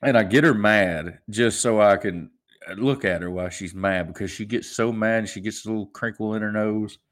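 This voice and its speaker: A man's voice: on the low side, normal speed. A man in his twenties hosting a solo podcast, telling stories in a rambling, chuckling way with many restarts. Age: 20s. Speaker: podcast host. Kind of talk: casual solo podcast storytelling.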